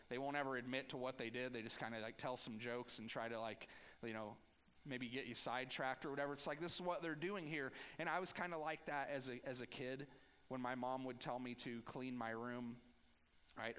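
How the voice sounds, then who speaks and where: A man's voice: medium pitch, a bit bright, in a large hall. A man preaching a sermon in a conversational way, now and then acting out sarcastic, defensive voices. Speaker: pastor.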